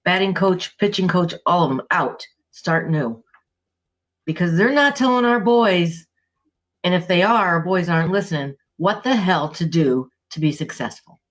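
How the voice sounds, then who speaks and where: A woman co-hosting a casual sports podcast, ranting in a heated, exasperated way and swearing freely. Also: lowish voice. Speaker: podcast co-host.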